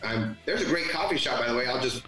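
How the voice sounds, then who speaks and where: A man's voice: medium pitch, lively intonation, quick pace, reverberant, music in the background, low-quality recording. A man in a casual podcast chat who tells long, rambling stories and acts out the dialogue. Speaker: guest.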